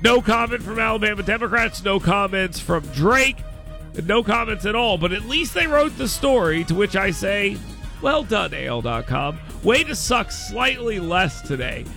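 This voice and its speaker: A man hosting a talk radio show, delivering a sarcastic, mocking monologue that swings from mutters to loud outbursts. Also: high voice, expressive, moderate pace, gravelly, faint music behind.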